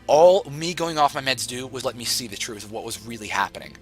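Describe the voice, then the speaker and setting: A man's voice: medium pitch, lively intonation, a little fast, music in the background. A young man telling a long story on a livestream, rambling and swearing a lot. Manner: rambling, profane, restless.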